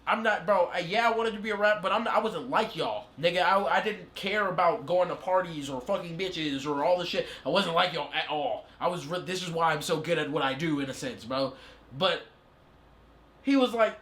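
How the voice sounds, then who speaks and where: Animated high-voiced young man storyteller. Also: a little fast, echoey room. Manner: animated, profane, acts out quotes in a higher voice. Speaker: podcast guest, rapper. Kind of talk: casual storytelling interview.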